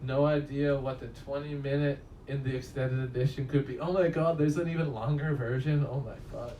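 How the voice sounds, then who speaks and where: A man's voice: mid-range voice, steady tone, fairly quick, warm tone, far from the mic. Rambling, profane man reviewing a movie. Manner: rambling, profane, laughs at his own stories. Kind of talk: casual spoken film review. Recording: roomy echo, voice a bit off-mic, faint room noise.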